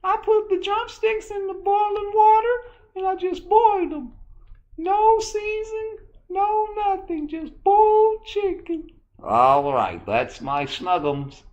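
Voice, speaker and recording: A shrill, bossy falsetto husband. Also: male voice, big pitch swings, slow, a little mellow, highs cut off, exaggerated voice. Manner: demanding, mocking caricature. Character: fussy high-voiced husband bossing his wife about dinner.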